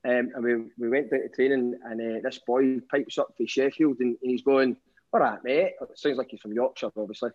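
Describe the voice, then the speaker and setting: A man's voice: mid-range voice, steady tone, a little fast, hardly any pauses. A Scottish man with a Glaswegian accent telling a story as a caller, with wry self-mockery and a fair bit of swearing. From Scotland. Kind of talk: casual storytelling. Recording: dull lo-fi call line.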